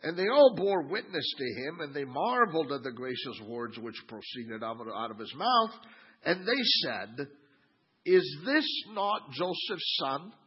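Animated husky male preacher. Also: on the high side, measured pace, muffled recording. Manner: animated, mimics the crowd's sneering tone. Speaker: pastor. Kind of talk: sermon.

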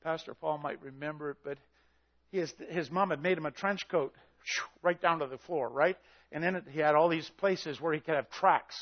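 A man preaches with fiery intensity, his voice sitting high for a man. He shouts his points and acts out the story's characters as he goes. The recording sounds dull and slightly lo-fi. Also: normal speed. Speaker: pastor. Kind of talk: sermon.

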